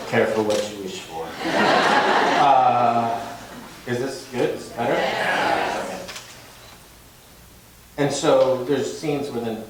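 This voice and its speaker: An actor on a fan convention panel tells stories during a casual Q&A, rambling and halting with frequent fillers and laughs. Holding a handheld mic away from his mouth in a large convention hall, he sounds distant amid booming echo and background noise.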